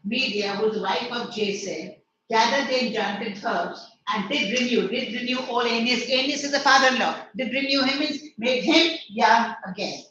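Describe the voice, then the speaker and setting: A woman's voice: fairly high pitch, moderate pace, pushed and bright, slight background noise. A woman teacher, explaining a play line by line in an online lecture. She paraphrases each verse and quizzes her students. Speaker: English teacher. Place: online class. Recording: echoey distant lo-fi online lecture.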